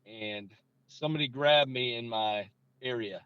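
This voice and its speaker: A man, a football coach speaking as a guest in a relaxed interview, full of "you know" and lively when he tells stories. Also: medium pitch, measured pace, clean tone, no echo, highs cut off. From Georgia, US. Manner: relaxed, leans on "you know", gets animated telling stories. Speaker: high school head football coach, guest. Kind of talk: casual interview storytelling.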